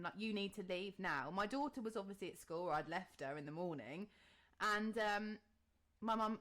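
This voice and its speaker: A woman's voice: medium pitch, a bit bright. A woman in her thirties from England, co-hosting a casual podcast chat, telling a long story and acting out her own reactions with casual swearing. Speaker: podcast co-host.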